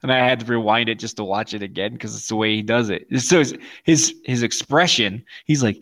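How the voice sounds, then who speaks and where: A man's voice: fairly low pitch, brisk, fairly bright tone. A man co-hosting a podcast, telling stories in casual, profane chat over a video call and laughing a lot. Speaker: podcast co-host.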